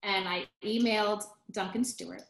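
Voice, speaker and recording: A woman's voice: medium pitch, moderate pace, creaky. Woman telling stories in an echoey room. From United States. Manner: animated storyteller, acts out quotes, restarts often. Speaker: guest, musical theater actress. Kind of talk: casual interview storytelling.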